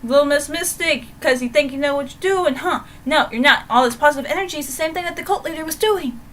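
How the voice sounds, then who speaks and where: A woman's voice: sits high, fast talker, a bit bright, recorded from a distance, a little hiss or hum, voice pushed up. A woman doing a snarky, mocking skeptic man. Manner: mocking, sarcastic.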